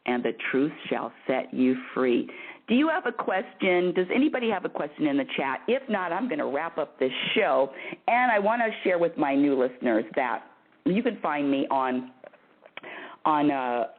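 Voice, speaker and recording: A woman's voice: low-pitched, expressive, normal speed. A woman hosting a spiritual advice call-in show, talking in an emphatic, bossy and emotional way, often laughing. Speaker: call-in radio host. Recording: phone-like narrow band.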